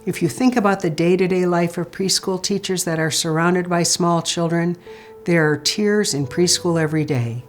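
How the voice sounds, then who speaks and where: A woman giving an instructional talk on supporting grieving people, speaking in a calm, gentle and measured way. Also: lowish voice, soft background music. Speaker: grief support educator.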